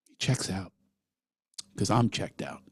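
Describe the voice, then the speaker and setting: A man's voice: low voice, expressive, takes it slowly, a little mellow, husky, dry recording, studio quality. A man hosting a solo podcast, talking earnestly and emphatically and sometimes acting out other voices. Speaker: podcast host.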